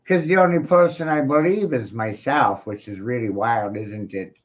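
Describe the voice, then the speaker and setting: A man giving rambling, profane solo commentary, full of rhetorical questions. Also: medium pitch. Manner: rhetorical, profane, keeps asking "right?"; slow, drawn-out delivery. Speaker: commentary streamer. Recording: dull lo-fi home recording.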